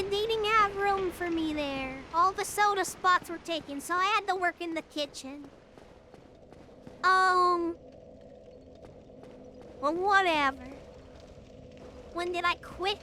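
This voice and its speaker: A young woman streamer telling stories to her chat in a casual, animated, blunt and profane way that climbs toward yelling. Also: very high voice. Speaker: live streamer. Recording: clear background noise.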